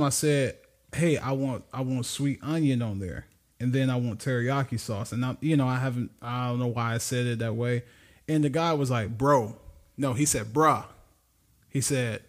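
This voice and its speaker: Chatting casually on a podcast he co-hosts, this man spins a story with lots of laughter, performing the voices of those he quotes in an animated way. He has a mid-range voice and talks at a normal speed.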